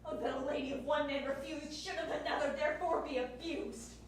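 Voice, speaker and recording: A woman's voice: high voice, steady tone, fairly quick, background noise, lightly acted. A teenage girl playing a spurned young noblewoman on stage, pleading and plaintive. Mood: wounded. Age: teens. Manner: plaintive, pleading verse delivery. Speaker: stage actor. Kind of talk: stage Shakespeare acting. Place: school theater stage. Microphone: distant room mic. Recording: echoey stage from far off.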